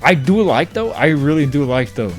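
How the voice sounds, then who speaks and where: Excitable gamer guy, wildly swinging voice. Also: fairly high pitch, normal speed, faint music behind. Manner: excitable, jumps from mumbling to yelling. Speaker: gaming channel host. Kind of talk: reacting to a visual novel playthrough.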